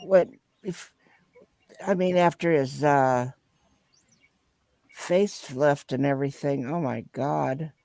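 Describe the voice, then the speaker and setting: A woman's voice: low-pitched, slow, pauses often, mellow, no echo. A woman chatting casually, gossipy and giggly. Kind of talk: casual chat.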